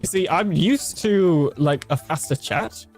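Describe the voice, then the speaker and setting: A man's voice: on the high side, lively intonation, measured pace, soft background music. A man chatting casually on a livestream while fixing things and reading chat. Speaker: streamer.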